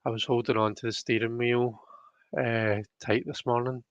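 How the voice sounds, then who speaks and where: A man's voice: medium pitch, flat delivery, normal speed, muffled recording. A young Scottish man hosting a live stream, chatting casually and reading out viewer comments with lots of fillers. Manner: rambling, chatty, frequent fillers.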